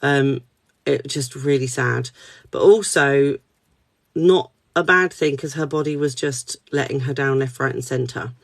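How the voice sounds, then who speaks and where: A woman's voice: very deep voice, a little slow, vocal fry, no room sound. A woman, speaking as a spiritual card reader at her desk, reassuring and candid, swearing casually. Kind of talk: live spiritual reading chat.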